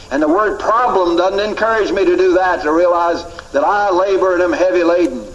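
A man's voice: sits high, brisk, few pauses, dull audio. A man teaching a Bible class, emphatic, repeating key phrases and asking rhetorical questions.

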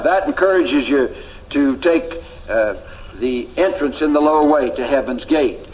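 A man's voice: medium pitch, measured pace, dull audio. A man teaching a Bible class, emphatic, repeating key phrases and asking rhetorical questions.

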